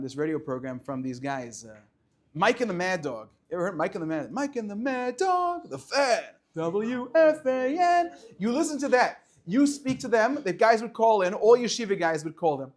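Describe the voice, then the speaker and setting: A man teaching a lively Torah class to students, firing rhetorical questions and dropping to quiet explanation. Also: high voice. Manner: animated, swings between loud questions and quiet explaining, chats with students.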